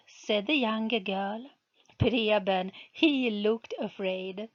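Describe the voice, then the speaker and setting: A woman narrating a book aloud, reading slowly and carefully. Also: mid-range voice, muffled recording. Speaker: reader, channel host. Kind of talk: storybook narration.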